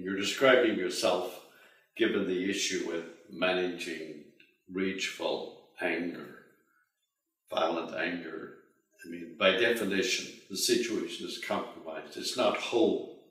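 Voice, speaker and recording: A male interviewer giving a deliberate, point-by-point reply, recorded in an echoey room with the mic far away. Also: deep voice, a bit bright.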